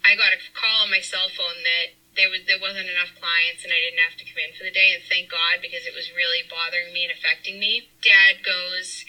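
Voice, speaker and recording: A woman's voice: lowish voice, little pitch movement, fairly quick, few pauses, sharp tone, rough recording. A young woman co-hosting, telling a candid, rambling family story in casual chat, recorded inside a car. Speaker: podcast co-host.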